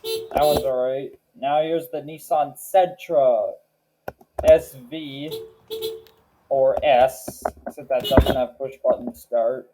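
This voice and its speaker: A man hosting a reaction video, naming car models one by one in a slow, matter-of-fact way. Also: medium pitch. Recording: clear background noise with clicks.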